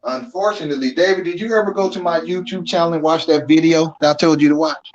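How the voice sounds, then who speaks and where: A man's voice: a little high, fast talker, dull audio. A man speaking as a guest, who tells a story in a casual, folksy way. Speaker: guest, paranormal experiencer.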